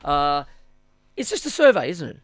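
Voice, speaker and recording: Lively high-voiced Australian man. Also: moderate pace, dry recording. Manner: animated, interjects often. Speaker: co-host. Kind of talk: comedic sports chat.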